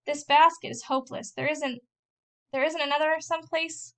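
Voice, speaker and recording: A woman's voice: high voice, steady tone, normal speed, fairly bright tone, pitched above the performer's own voice. A woman voicing a hotheaded young man, an older brother and soldier who is boastful and easily exasperated, as she reads a novel aloud. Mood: cocky.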